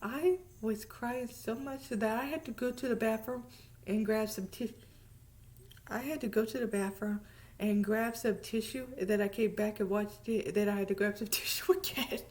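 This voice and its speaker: A woman vlogger chatting casually about a TV series, animated and emphatic, repeating words for effect and sometimes dropping to a whisper. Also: on the high side, normal speed. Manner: drops to a whisper at times. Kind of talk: casual chat.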